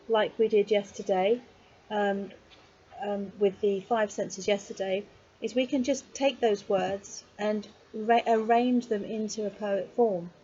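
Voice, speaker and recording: A woman's voice: mid-range voice, mellow, slightly rough. Chatty woman teaching a poetry lesson. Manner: chatty, encouraging, with frequent ums and digressions. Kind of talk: casual video lesson. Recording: slightly dull lo-fi sound with faint noise.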